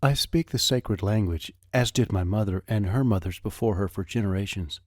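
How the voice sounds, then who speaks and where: A man's voice: fairly low pitch, no room sound, studio quality, natural voice. A man reading a solemn captive woman. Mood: grave. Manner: measured, formal old-fashioned phrasing. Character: grave captive young woman, calm and solemn. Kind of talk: audiobook character reading.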